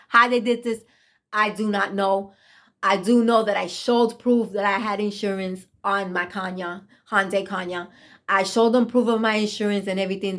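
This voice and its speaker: A woman's voice: medium pitch, fairly bright tone. Thirties woman, casual vlog testimony, earnest and emotional delivery. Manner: earnest, emotional, repeats herself for emphasis. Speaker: vlogger sharing a testimony. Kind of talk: casual personal storytelling.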